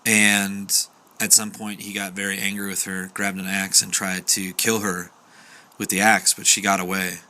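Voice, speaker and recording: Bright-voiced young man telling a story. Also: deep voice. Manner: chatty, acts out quoted voices, fillers like "like". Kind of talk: casual spoken storytelling.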